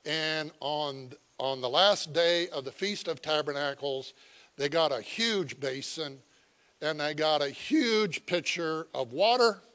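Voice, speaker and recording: A man preaching a sermon, folksy and chuckling, moving from quiet asides to loud, emphatic cries as he tells the story. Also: fairly high pitch. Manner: folksy, chuckling, with halting fillers. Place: visiting church.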